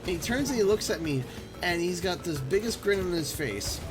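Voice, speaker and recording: Canadian man, young adult, fairly high voice, rambling storyteller, loud game music behind. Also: moderate pace. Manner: rambling, animated anecdote with many restarts. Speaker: live streamer. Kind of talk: casual live-stream storytelling. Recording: game music playing underneath.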